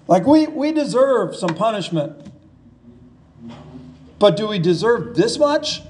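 A man delivers a sermon in a casual, talking-it-through manner, retelling scripture and posing rhetorical questions. His voice sits high for a man and he takes his time. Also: big pitch swings, takes it slowly, long pauses, a little mellow, a little hiss or hum. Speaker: pastor.

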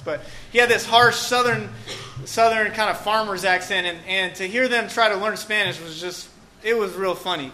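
Man, preacher, conversational sermon, joking asides, high voice, faint background noise. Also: sharp tone. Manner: casual, joking, frequent "okay" and "um".

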